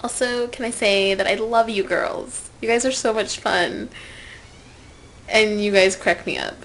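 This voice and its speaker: A young woman telling a personal story to camera in a casual vlog, swinging from loud outbursts to whispered asides. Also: medium pitch, steady tone, measured pace, a little hiss or hum, poor audio. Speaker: vlogger.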